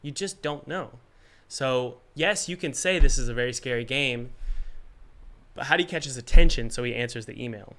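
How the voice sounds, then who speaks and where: A man with a bright, forward voice hosts a casual live stream. He has a cold and coughs between his sentences. He talks with energy, rambles, and throws in jokes as he gives advice. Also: mid-range voice, moderate pace. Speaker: game developer hosting a live Q&A stream.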